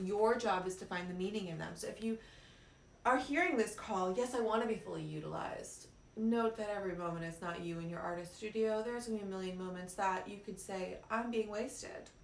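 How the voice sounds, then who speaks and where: A woman's voice: on the low side, slight background noise. A woman life coach giving a live-streamed motivational talk, brash and profane, calling her listeners cuties. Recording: roomy, a little off-mic, faint ambience.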